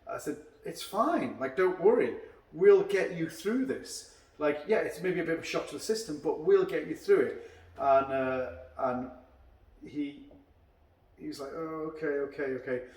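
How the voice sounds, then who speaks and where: A man's voice: a little high, normal speed, a little mellow. A man hosting a casual podcast chat over a beer, telling long anecdotes and acting out what others said. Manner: long rambling anecdotes, acting out quoted dialogue. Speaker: karate instructor and podcast host. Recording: echoey room, mic at a distance.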